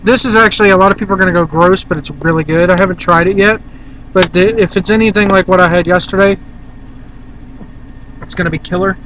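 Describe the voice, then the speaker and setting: A man's voice: high-pitched, steady tone, fast talker, long pauses, fairly bright tone, slight background noise, low-quality recording. A man from Virginia rambling casually and bluntly to the camera in a vlog, filmed on a handheld camera in a car. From Virginia, USA. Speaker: vlogger.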